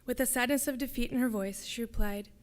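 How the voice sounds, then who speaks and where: A woman, a graduate student, reading her own fiction aloud at a public reading in a lecture hall, in a steady descriptive way. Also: a little high, fast talker.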